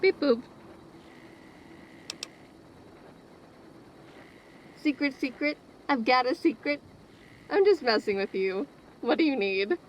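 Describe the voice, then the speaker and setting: A woman's voice: high voice, a little hiss or hum, poor audio. A woman playing a chirpy robot-tinkerer trader. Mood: teasing. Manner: teasing, chirpy, jokey. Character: playful young woman tech trader who builds robots. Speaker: merchant. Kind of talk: video game character dialogue.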